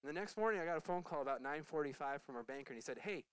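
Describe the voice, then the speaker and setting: A male pastor preaching a lively testimony with a smooth, resonant voice that sits a little high. His delivery is animated, jumping up in pitch when he gets excited. The sound is dry and close. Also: rapid-fire, no echo, low-quality recording. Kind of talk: sermon testimony.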